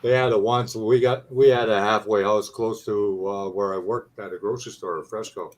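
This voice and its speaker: A man in his sixties hosting a casual live chat, telling stories in a laid-back way that trails off quietly. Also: lowish voice, steady tone, moderate pace. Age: 60s.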